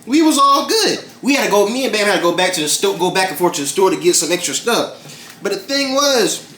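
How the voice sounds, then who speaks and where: A man's voice: high-pitched, very animated, a little fast, sharp tone. A young man vlogging while he cooks in his home kitchen, rambling through a story with lots of "like" and "bruh" and plenty of swearing, recorded on the camera's own mic. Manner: rambling, profane, fillers like "like" and "bruh". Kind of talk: casual cooking vlog with storytelling. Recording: echoey kitchen room with music. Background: background music.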